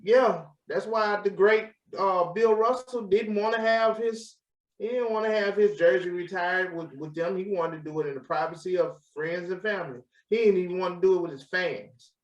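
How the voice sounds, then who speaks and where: High-voiced man, echoey and distant. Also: normal speed. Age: adult parent. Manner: laid-back, rambling, frequent restarts. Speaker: podcast co-host. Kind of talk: casual chat. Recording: echoey, distant, muffled mic.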